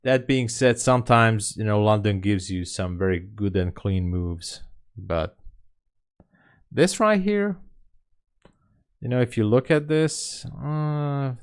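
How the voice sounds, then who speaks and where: A man's voice: lowish voice, moderate pace, hardly any pauses, clear, resonant tone. A man giving live commentary while day trading, making wry, muttered remarks to himself about the chart. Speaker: day trader streaming live.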